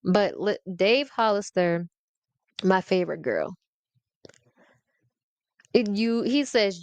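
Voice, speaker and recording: A woman speaking hosts a casual comedic rant, teasing and animated. Her voice is smooth and clear at a middling pitch. The recording is close and dry, with no room sound. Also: slow, long pauses, no echo. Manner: animated and playful, breaks into half-sung lyrics, laughs often. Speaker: podcast host.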